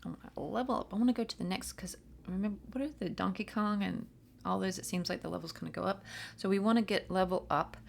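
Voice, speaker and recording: A woman with a mid-range, gravelly voice talks quickly, with a little hiss or hum on the recording. A spiritual reader with her own channel, she gives viewers a casual pep talk to camera, chatty, rambling and encouraging, with a self-mocking streak.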